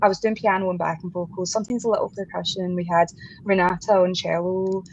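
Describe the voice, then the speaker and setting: A woman's voice: fairly low pitch, level tone, fast talker. A woman guest musician in a casual interview, chatting with frequent laughs, fillers and restarts. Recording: dull lo-fi sound with faint background noise.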